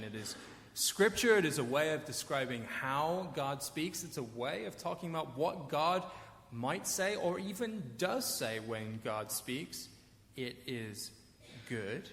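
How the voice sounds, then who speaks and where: Self-mocking pastor in an echoey hall. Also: male voice, medium pitch, a bit bright. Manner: self-deprecating storytelling, wry asides. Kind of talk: sermon. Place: church sanctuary.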